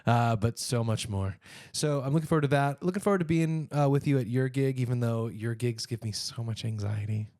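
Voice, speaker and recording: A man co-hosting a podcast, chatting casually and cracking quick jokes. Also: medium pitch, a little mellow, dry recording, clean studio sound. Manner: chatty, joking, quick asides. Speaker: podcast co-host. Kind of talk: casual chat.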